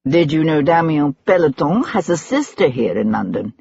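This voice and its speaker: A narrator voicing a calm, measured gentleman investigator asking pointed questions. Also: on the high side, vocal fry, slightly rough, no echo, dull audio, exaggerated voice. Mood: probing.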